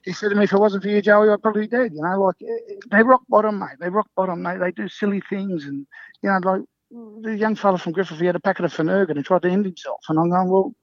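Aussie bloke yarning fast, lots of mate, kinda dull dry recording. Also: male voice, high-pitched, steady tone, no echo. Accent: Australian. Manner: blokey, calls everyone mate, many restarts. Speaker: interview guest. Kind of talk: casual storytelling chat.

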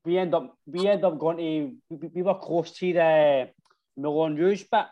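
A man's voice: on the high side, measured pace, phone-quality sound. A Scottish man, a football supporter, telling rambling drinking stories in casual chat, full of slang and "right?". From Scotland.

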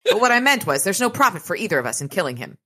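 A woman's voice: mid-range voice, racing, breathy edge, pitched above the performer's own voice, exaggerated voice. A woman reading a cool mercenary gunman. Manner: calm, dry and unbothered. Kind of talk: reading a novel aloud.

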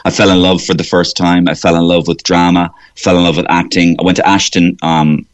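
A middle-aged Irish comedian telling rambling anecdotes in a radio interview. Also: male voice, low-pitched, little pitch movement, a little fast, dull audio. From Ireland. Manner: rambling, anecdotal, slips into character voices. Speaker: comedian and impressionist.

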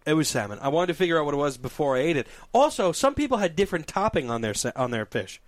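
Lively profane podcast host. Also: male voice, on the high side, quick pace, dry recording. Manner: animated, profane, drives the conversation. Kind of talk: casual chat.

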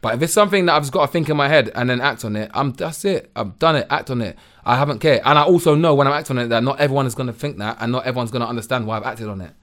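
A man's voice: mid-range voice, racing, hardly any pauses. A young man, chatting animatedly as a podcast guest and using lots of slang. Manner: animated, slangy, repeats "bruv". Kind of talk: casual chat.

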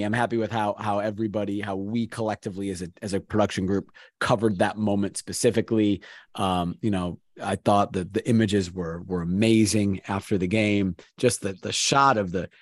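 A man's voice: fairly low pitch, fairly even intonation, fairly quick, no echo, clean studio sound. A man, a sports play-by-play announcer, talking in a casual podcast chat, earnest and rambling, often restarting his sentences.

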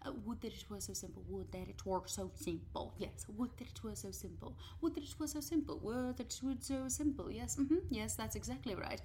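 A woman voicing a refined male film director who patiently coaches an actor, repeating a line over and over in a breathy, hushed voice. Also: fairly high pitch, expressive, brisk, few pauses, a little hiss or hum, close to an everyday voice. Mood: coaxing.

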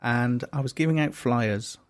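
A man's voice: medium pitch, a little slow. A man co-hosting a casual comedy podcast, chatting and telling anecdotes. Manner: chatty storyteller, mimics accents in anecdotes. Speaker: podcast co-host. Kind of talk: casual chat.

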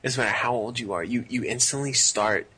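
A man's voice: medium pitch, brisk, breathy edge. A man hosting a casual podcast, swearing freely and acting out dialogue as he tells stories. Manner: profane, animated storytelling with acted-out dialogue. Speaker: podcast host. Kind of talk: casual chat.

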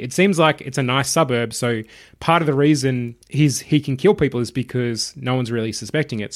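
A man leading a casual film discussion, animated and analytical as podcast host. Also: mid-range voice.

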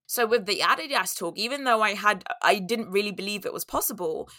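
A woman's voice: medium pitch, brisk, pushed and bright, no room sound, clean studio sound. A young woman telling a candid, reflective personal story in a monologue, now and then acting out her own inner voice.

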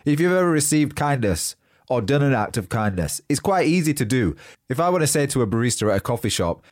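A man's voice: mid-range voice, big pitch swings, darkish tone, dry recording, clean studio sound. Nasal, congested man. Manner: upbeat and encouraging despite pauses for breath. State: blocked nose, out of breath. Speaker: podcast host. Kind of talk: solo motivational podcast talk.

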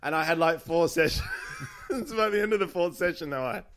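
A man's voice: a little high, a little fast, a bit bright. A male comedian guest, laughing and stammering through a story.

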